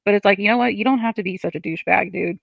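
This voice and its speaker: A woman's voice: medium pitch, rapid-fire, creaky, no echo, muffled recording. A woman on a livestream, reading chat comments and ranting in frustration, swearing often.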